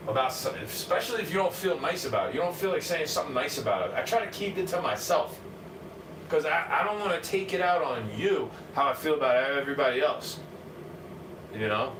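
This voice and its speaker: A man's voice: a little high, distant mic, noisy background. A man with a New York accent, ranting and swearing on a livestream in a combative monologue. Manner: combative, swearing, jumps between muttering and shouting. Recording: roomy, off-mic, faint ambience.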